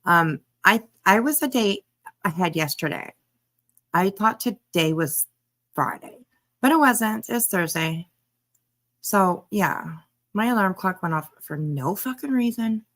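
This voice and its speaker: A woman hosting a live stream, a little hoarse, chatting casually and greeting viewers by name with frequent laughs. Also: mid-range voice, expressive, measured pace, a bit bright. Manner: chatty, laughs often, reads chat names aloud. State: hoarse, throat tickle.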